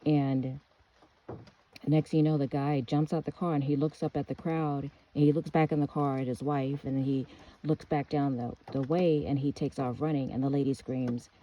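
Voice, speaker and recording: A woman's voice: extremely low pitch, steady tone, moderate pace, muffled recording. An American woman telling an earnest, rambling personal story with restarts. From United States. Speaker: speaker giving a testimony.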